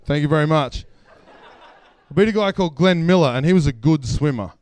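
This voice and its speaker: A man's voice: a little high, lively intonation, fairly quick, darkish tone, clear, resonant tone, dry recording. A man with an Australian accent telling a personal story on stage at a live event, casual and self-deprecating, chuckling as he goes. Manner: casual, self-deprecating, laughs through lines. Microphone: stage microphone.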